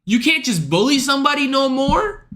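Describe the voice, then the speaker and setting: A man's voice: very high voice, sing-song, normal speed, pushed and bright. A young man streaming, ranting in a casual, profane, slangy way to his chat. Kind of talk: livestream rant.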